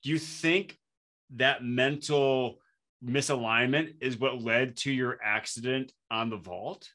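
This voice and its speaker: A man hosting an interview, asking questions in a tentative, halting way as he thinks aloud. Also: medium pitch, sharp tone. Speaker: podcast host. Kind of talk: casual interview.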